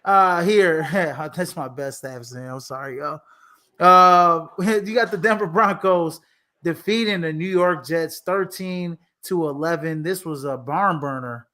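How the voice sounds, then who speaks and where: A man with a high voice talks sports in a loose, rambling way. He leans on fillers and restarts, laughs easily, and sounds relaxed. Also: a little slow. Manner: laid-back, lots of fillers and restarts, laughs often. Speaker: podcast co-host. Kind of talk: casual sports talk.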